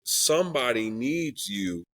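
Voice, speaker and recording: A man's voice: mid-range voice, animated, slow pace, fairly bright tone. A young man, a guest telling a personal story in candid conversation, acting out the voices of people in it. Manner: earnest and emotional, acts out quoted dialogue. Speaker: podcast guest, Christian rapper.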